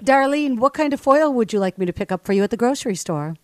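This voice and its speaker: A woman's voice: on the high side, animated, fast talker, dry recording. A woman hosting a call-in radio show, teasing callers and laughing often. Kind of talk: lively call-in chat.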